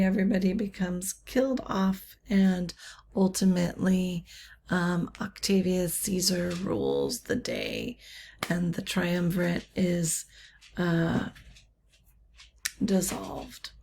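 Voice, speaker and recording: A woman teaching literature in an unscripted lecture, halting often with ums and uhs and slipping in wry, offhand asides. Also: on the low side, expressive, creaky, dark tone.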